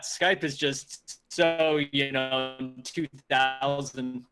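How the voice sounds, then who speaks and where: A man's voice: mid-range voice, fairly even intonation, drawn-out words, pushed and bright, faint music behind. A man co-casting a mobile shooter tournament on a live stream, mixing laid-back joking banter with match calls. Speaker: esports co-caster. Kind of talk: live game commentary.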